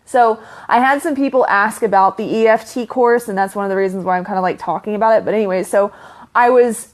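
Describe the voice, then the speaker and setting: A young woman coaching online, talking casually to her livestream viewers, rambling with lots of fillers and frequent swearing. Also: medium pitch.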